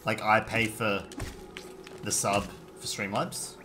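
A man with an Australian accent streaming a game live, reading chat aloud and reacting in sudden high yelps. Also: level tone, takes it slowly, loud music behind the voice.

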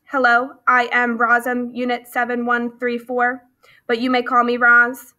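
Gentle female robot, read by a woman, even formal delivery, storybook. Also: on the high side, a little slow, highs cut off. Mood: calm.

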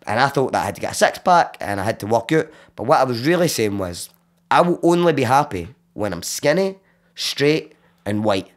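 A Glaswegian man from Scotland, a podcast guest who tells his story in casual chat, animated and swearing freely. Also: mid-range voice, a little fast. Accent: Glaswegian Scottish. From Glasgow, Scotland. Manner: animated, swears freely, acts out quoted voices.

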